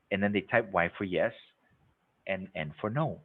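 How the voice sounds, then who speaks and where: A man's voice: fairly low pitch, animated, normal speed. A man leading a live sales-training webinar, emphatic and repetitive, checking in with the audience as he goes. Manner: emphatic, repeats words, checks in with "okay?" and "right?". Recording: narrow phone-like webinar audio.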